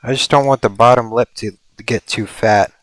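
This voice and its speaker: A man's voice: medium pitch, steady tone, fairly quick, a bit bright, no echo. A man streaming a building game, musing and thinking aloud as he works, with playful mock-mystical asides. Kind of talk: casual livestream commentary.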